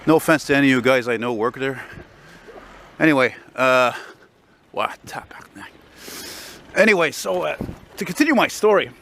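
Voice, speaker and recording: A man's voice: medium pitch, lively intonation, normal speed, vocal fry, long pauses, a bit bright. A man, walking through snowy city streets and telling a rambling, profanity-laced story to his handheld camera. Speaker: vlogger. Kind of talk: casual walking vlog storytelling. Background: faint city traffic.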